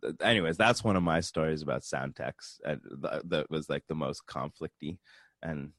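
Very deep-voiced rambling male musician. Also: normal speed, fairly bright tone, dry recording, studio quality. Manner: rambling, many restarts. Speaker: musician guest. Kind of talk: casual radio conversation. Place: radio studio.

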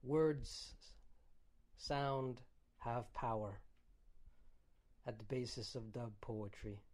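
A man hosting a community radio show, reading a measured, scripted introduction. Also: fairly low pitch, flat delivery, darkish tone. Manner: measured, read-aloud introduction. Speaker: radio host.

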